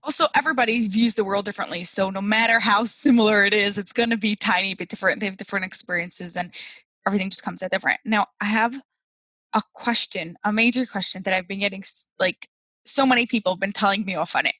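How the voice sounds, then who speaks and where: A woman's voice: medium pitch, fast talker, sharp tone, no room sound, poor audio. A woman hosting a podcast, chatting casually, asking questions and laughing easily, with a lot of "like" in her speech. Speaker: podcast host. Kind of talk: casual interview chat.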